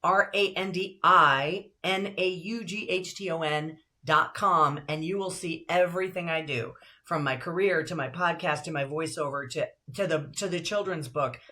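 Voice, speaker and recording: An older woman with a deep alto voice, a broadcaster and voiceover actress talking as a guest in a casual interview, lively and upbeat. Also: normal speed, hardly any pauses.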